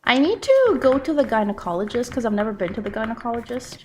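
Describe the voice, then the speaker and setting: A woman with a fairly high voice chats away on a live game stream. She reads out viewer messages and answers them casually while she plays, with a faint hiss of noise underneath. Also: very animated, fast talker.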